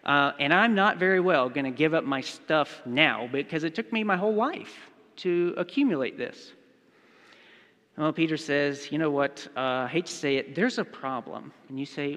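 A man's voice: a little high, moderate pace, a bit bright, long reverb tail. A man preaching a sermon, telling a story and speaking its quoted lines in his own voice. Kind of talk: sermon with acted-out illustration.

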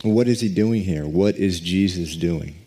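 A man preaching a sermon, reading scripture and praying with deliberate, drawn-out emphasis. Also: deep voice, warm tone, slightly rough. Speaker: pastor.

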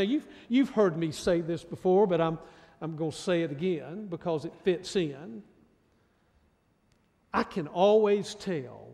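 A male pastor delivers a sermon in an emphatic preaching manner. His voice sits high, and he often restarts and repeats words as he presses a point. A long reverb trails every phrase. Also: a little mellow.

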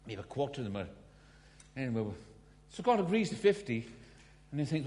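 A man's voice: medium pitch, big pitch swings, fairly quick, pauses often, warm tone. A man preaching a sermon, telling a story with humorous asides. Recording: long hall reverb.

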